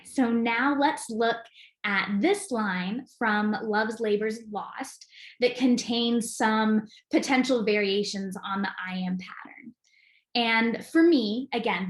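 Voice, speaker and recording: A woman giving an enthusiastic, clear recorded lesson as an acting teacher. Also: on the high side, slow, roomy sound.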